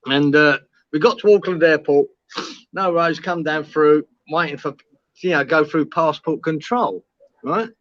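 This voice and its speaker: Animated swearing storyteller man. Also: a little high, measured pace, no room sound. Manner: animated, swearing, laughing storyteller, acts out quoted lines. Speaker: co-host telling a story. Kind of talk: casual storytelling chat. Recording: dry, dull lo-fi live stream audio.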